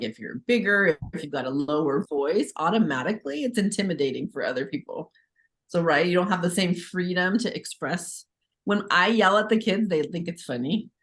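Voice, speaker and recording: A woman and parent in a casual video-call discussion, talking animatedly with lots of "like" and self-deprecating asides. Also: on the low side.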